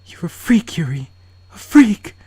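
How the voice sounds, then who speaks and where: Game character: shy troubled young woman, soft and self-loathing, mellow husky tone, a man doing the voice. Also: high voice, animated, normal speed, no room sound, voice pushed up.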